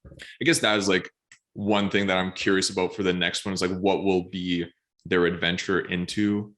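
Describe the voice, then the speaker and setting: A man co-hosting a podcast, musing about a book in a hesitant, casual way with many pauses and fillers. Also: low voice, flat delivery, fairly bright tone. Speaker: podcast co-host.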